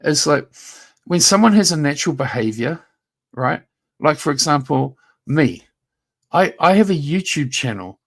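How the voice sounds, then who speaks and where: A man's voice: a little high, sing-song, moderate pace. Male streamer mid-rant: confrontational, needling, foul-mouthed, speaks to his rival directly. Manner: confrontational, taunting, profane; talks straight at a rival, repeats himself. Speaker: YouTube livestreamer. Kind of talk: livestream rant.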